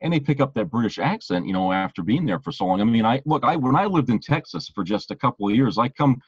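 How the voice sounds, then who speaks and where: A man from Maine co-hosting a casual podcast chat, talking haltingly with many "uh" and "you know" fillers. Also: medium pitch, expressive, husky, dry recording, highs cut off. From Maine, USA. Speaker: podcast co-host.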